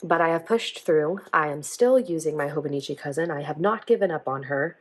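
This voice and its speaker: A woman's voice: low voice, brisk. A woman talking in a rambling, earnest way while she sets up her planner at home, using lots of fillers. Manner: rambling and chatty, heavy on "um" and "like"; earnest, emotional and apologetic. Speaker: planner vlogger. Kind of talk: casual chat while decorating a planner.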